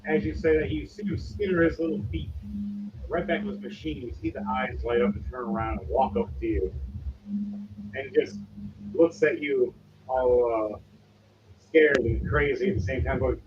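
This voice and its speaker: A man's voice: mid-range voice, normal speed, long pauses. A man narrating a tabletop game as game master, in a casual, descriptive way. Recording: muffled distant mic with background noise.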